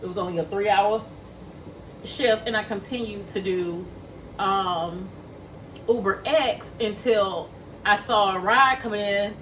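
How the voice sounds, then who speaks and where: A woman's voice: medium pitch, takes it slowly, a bit bright, far from the mic, a little hiss or hum, low-quality recording. A woman casually tells a personal story to her viewers, talking them through it and acting out what people said. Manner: chatty, addresses viewers as y'all, acts out quoted dialogue. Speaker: vlogger telling a personal story.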